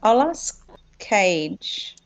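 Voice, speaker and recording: A woman's voice: medium pitch, sing-song, extremely slow. A woman playing a tabletop game, speaking in a playful, dry way. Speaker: player. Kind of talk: casual tabletop play.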